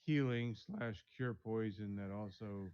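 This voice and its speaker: A man's voice: fairly low pitch, measured pace, darkish tone, clean tone, dull audio. A man playing a tabletop game, hesitantly declaring his character's actions. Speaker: player.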